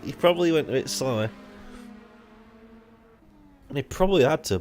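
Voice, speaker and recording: With soft music in the background, a young man commentates an online racing league live at a moderate pace. He rambles, swears freely, and gets excitable, his voice leaping up in pitch as the racing heats up.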